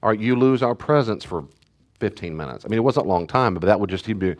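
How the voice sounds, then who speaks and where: A male pastor giving a conversational teaching talk with animated storytelling, often laughing and acting out what people said. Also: lowish voice, fast.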